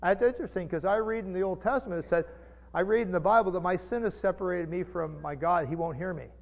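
A pastor preaching a sermon, chatty and animated, with jokes and asides. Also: male voice, high-pitched, quick pace, vocal fry. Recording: dull lo-fi sound with long reverb.

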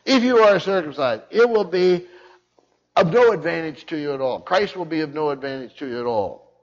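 A man's voice: on the high side, animated, normal speed. A man preaching an expository sermon as pastor, emphatic, repeating key phrases for weight and restarting often. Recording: muffled sound with long hall reverb.

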